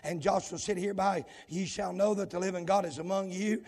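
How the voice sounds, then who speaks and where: A high-voiced man preaching at full cry, his gravelly, husky tone ringing out through a church hall with a long echo. He swings from hollered, sing-song lines to low, rapid asides to the congregation. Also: steady tone, darkish tone. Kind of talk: shouting revival sermon.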